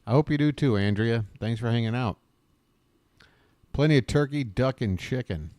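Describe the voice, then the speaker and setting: A man's voice: medium pitch, moderate pace, darkish tone, no room sound. Chatty American man hosting a live stream. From United States. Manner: rambling, chatty, talks to the chat by name, swears casually. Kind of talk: casual chat with live viewers. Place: home abroad, living in Bangkok.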